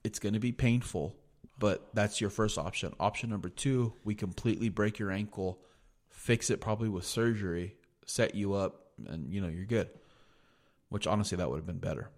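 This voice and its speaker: Fairly low and a little mellow, this young man's voice moves at normal speed as he casually narrates a story on his podcast. The American host is relaxed and profane, peppering his speech with "like."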